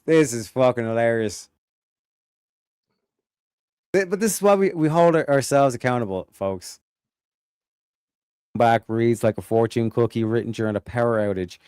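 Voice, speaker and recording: A man hosting a casual livestream chat, reading viewer messages aloud, swearing and mocking loudly. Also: mid-range voice, clear, resonant tone, no room sound, clean studio sound. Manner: profane, loud, mocking. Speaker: livestream host.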